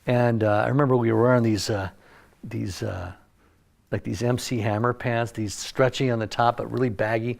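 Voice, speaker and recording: Gravelly older man telling studio stories. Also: mid-range voice, normal speed. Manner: animated anecdote-teller, acts out quotes. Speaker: music producer telling stories. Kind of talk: casual interview storytelling. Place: recording studio.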